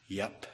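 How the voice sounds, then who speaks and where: Conversational pastor preaching a sermon. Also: male voice. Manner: conversational preaching, swinging between loud emphatic bursts and quiet asides; acts out quoted people in his own voice.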